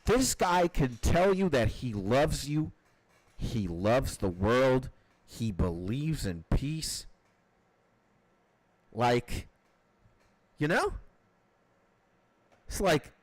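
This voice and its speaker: Male livestream host, casual profane ranter, lively pitch, dry close mic. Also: no echo, poor audio. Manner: animated, profane, repeats "like".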